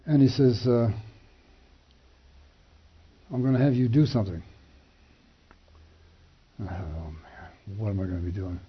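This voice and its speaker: An older man telling a personal testimony, acting out the dialogue with animated shifts in voice and chuckling between lines. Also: lowish voice, measured pace, long pauses, slightly rough. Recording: dull lo-fi recording.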